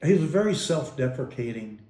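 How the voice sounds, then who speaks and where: A man in an interview wanders through old family memories, breaking off and restarting sentences with an amused, chuckling ease. His voice sits at a mellow, warm tone of middle pitch. The recording carries a roomy echo around him. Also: sing-song, brisk. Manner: rambling, self-interrupting, amused storyteller. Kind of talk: casual reminiscing.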